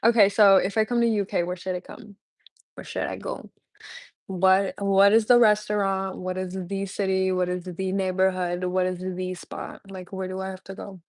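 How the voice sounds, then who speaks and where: A woman's voice: mid-range voice, level tone, normal speed, no echo. A young woman chatting casually with her viewers on a live stream. She is bubbly, laughs often and answers questions from the chat. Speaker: livestreamer.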